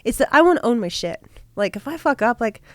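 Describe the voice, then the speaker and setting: A woman's voice: fairly high pitch, sing-song, quick pace, no room sound. Frank, plain-spoken woman co-host. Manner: frank, profane, self-accountable. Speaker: podcast co-host. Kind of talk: candid casual chat.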